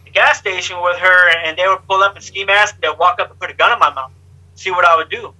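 A man's voice: sits high, fast talker, rough recording. A man being interviewed, telling his life story candidly in blunt, streetwise language and acting out what others said. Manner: lively, acts out other people's lines. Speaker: interview guest.

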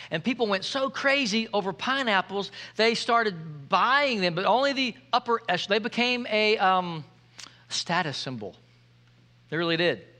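High, bright-voiced joking preacher man. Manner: playful, joking preacher who calls for audience responses. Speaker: pastor. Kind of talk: sermon.

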